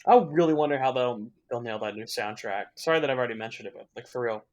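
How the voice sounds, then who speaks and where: A man's voice: mid-range voice, quick pace, a little mellow. A young man talking through a film as a casual watch-along commentary, swearing freely and reacting with open emotion. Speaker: movie reviewer.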